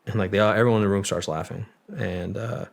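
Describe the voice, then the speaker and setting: Deep gravelly man telling a story. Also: fairly even intonation, quick pace. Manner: swears freely, rambling. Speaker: interview guest. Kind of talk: casual storytelling.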